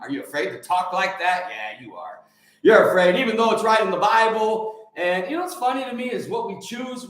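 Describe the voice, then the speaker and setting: A man hosting a casual livestream chat, excitable and energetic, often repeating words for emphasis. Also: high-pitched, very echoey. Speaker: livestream host.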